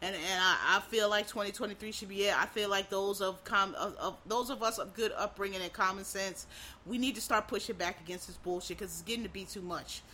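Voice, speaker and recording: A woman ranting bluntly to camera, swearing freely, stumbling over restarts and climbing into shouts. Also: mid-range voice, a little fast, slight background noise. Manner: frequent restarts and stammered repeats. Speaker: vlogger. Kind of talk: profane ranting monologue.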